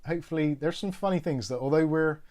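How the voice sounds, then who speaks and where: A man's voice: a little high, fast, darkish tone. Chatty British man hosting a tech stream. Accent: British English. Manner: chatty, rambling, thinks aloud with many ums. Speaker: tech support livestream host. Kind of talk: casual live-stream chat.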